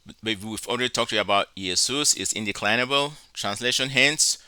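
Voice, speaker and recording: A man with a sharp, bright voice gives a recorded lesson. He speaks slowly and deliberately, sounding out syllables one at a time, in a dry, close recording. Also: medium pitch, clean tone, dry recording. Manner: slow, deliberate, spells out syllables. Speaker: Greek teacher. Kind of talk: recorded lecture.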